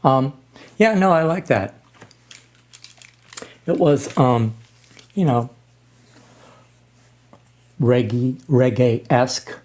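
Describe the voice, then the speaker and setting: A man in his sixties talking casually as he reacts to music, halting with frequent ums and restarts. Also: mid-range voice, a little mellow. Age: 60s. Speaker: reaction channel host.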